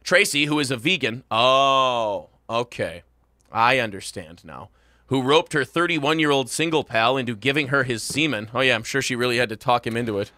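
A male morning radio host doing crude, mocking comedy banter, loud and quick to laugh. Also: medium pitch, animated, no echo, studio quality.

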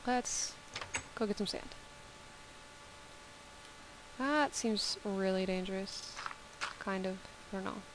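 A woman's voice: medium pitch, takes it slowly, long pauses. A woman giving casual, playful commentary as she plays a video game, talking to the animals on screen. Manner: playful, chats to the game's animals. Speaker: video game let's-player. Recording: clear background noise.

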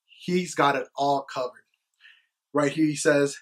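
Young male youth-podcast co-host, slightly high and husky, earnest and rambling, casual faith talk. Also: fairly even intonation, measured pace. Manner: earnest, rambling, heavy on "like" and "you know what".

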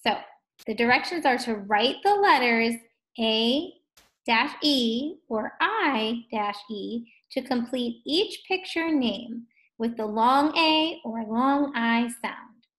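A woman teaching a first grade phonics lesson at a distance, drawing out words slowly and gently asking young children questions. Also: fairly high pitch, lively intonation. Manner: slow, drawn-out words sounded out for children.

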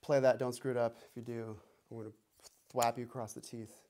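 A man's voice: mid-range voice, flat delivery, brisk. A man teaching a one-on-one drum lesson, playful and teasing, counting beats aloud. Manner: playful, teasing, mock-threatening. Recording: noisy room with drum clicks.

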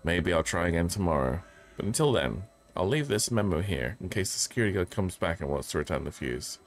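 A man's voice: deep voice, very animated, brisk. A man streaming a horror game, reading notes aloud and joking as he plays. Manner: jokey, reads notes aloud, yelps when startled. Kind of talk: casual gameplay commentary.

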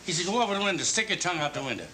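Older man telling one-liners, lively high voice. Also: racing, heavy background noise. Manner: punchy deadpan joke delivery. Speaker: stand-up comedian. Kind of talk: rapid one-liner stand-up routine. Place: television studio stage before an audience. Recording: 1970s TV studio audio, loud audience laughter.

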